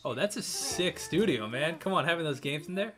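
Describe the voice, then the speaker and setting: A man's voice: on the high side, lively intonation, a little fast, fairly bright tone, faint music behind. Rambling young man explaining studio tricks. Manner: rambling, self-correcting, demonstrates sounds aloud. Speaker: music reaction host. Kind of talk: casual explanatory commentary.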